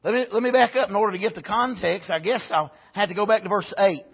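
A male preacher delivering a sermon, punctuating it with amens and swinging from loud cries to soft, low passages. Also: quick pace, vocal fry, slightly rough, dull audio.

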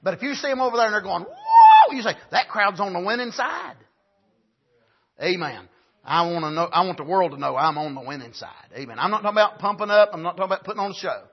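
Male camp-meeting preacher, raspy, rising to shouts. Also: high voice, lively intonation, very fast, highs cut off. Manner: frequent "amen", builds to shouts. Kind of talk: sermon.

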